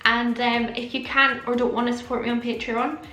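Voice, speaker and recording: Young scottish woman vlogging, bit high voice, slight lisp, echoey room w faint music behind. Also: flat delivery, fairly quick, pushed and bright. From Scotland. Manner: chatty, chummy, talks with a slight lisp. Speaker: beauty vlogger. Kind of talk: casual chat to camera.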